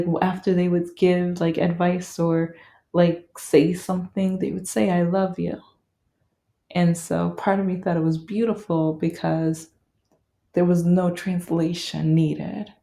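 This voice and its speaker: A woman's voice: lowish voice, creaky, warm tone, echoey room. A woman talking casually about a film she loved, rambling with many fillers and restarts. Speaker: vlogger reviewing a film. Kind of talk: casual monologue.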